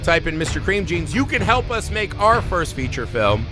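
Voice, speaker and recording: A man's voice: high voice, lively intonation, fairly quick, hardly any pauses, over music. A man co-hosting a movie podcast in casual, profane chat, acting out characters' lines as he goes. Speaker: podcast co-host.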